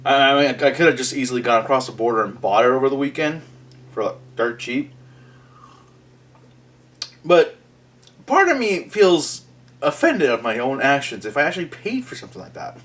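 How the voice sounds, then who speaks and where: A man's voice: medium pitch, sing-song, normal speed, long pauses, fairly bright tone. A young man from Mexico hosting a casual morning vlog, joking and laughing as he talks. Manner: joking, laughs through his lines. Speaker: vlog host.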